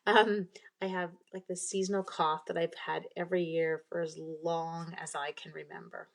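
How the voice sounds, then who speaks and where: A young Canadian woman with a fairly low, gravelly voice chats casually at a normal speed and in a level tone during a live craft stream. She rambles while demonstrating card making and reads viewer comments aloud, interrupted by bouts of a recurring cough.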